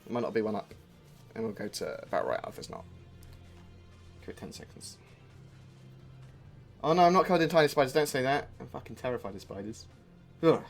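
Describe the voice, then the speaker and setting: A man's voice: mid-range voice, sing-song, a little fast, creaky, pauses often. A man streaming a video game live, chatting in a rambling, distracted way with plenty of asides. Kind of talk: live-stream chat while gaming. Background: faint music.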